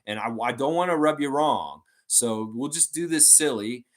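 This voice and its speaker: A man's voice: medium pitch, normal speed. A man hosting a fan channel livestream in a casual, rambling chat, reading out viewer comments and talking on at length. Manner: rambling and animated, with many fillers like "and stuff like that".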